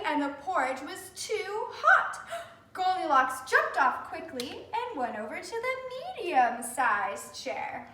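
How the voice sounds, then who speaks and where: High, lively woman reading to kids. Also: slight background noise. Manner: animated, speaking to children. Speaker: children's storyteller. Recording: roomy, from a distance.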